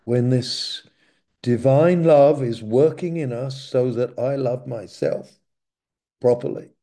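Delivering a sermon, a man with a mid-range voice speaks slowly and reflectively, frequently dropping to a quiet murmur.

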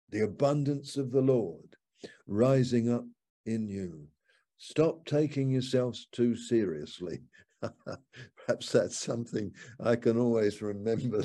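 Slow, mellow-voiced man preaching. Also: medium pitch. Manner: conversational, reflective, reads scripture aloud. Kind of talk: informal sermon. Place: upstairs lounge of a home.

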